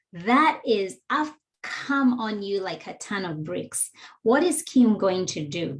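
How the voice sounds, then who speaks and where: A woman guest on an interview, explaining things in an earnest, measured, teacherly way. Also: mid-range voice, lively intonation. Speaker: guest, DEI educator.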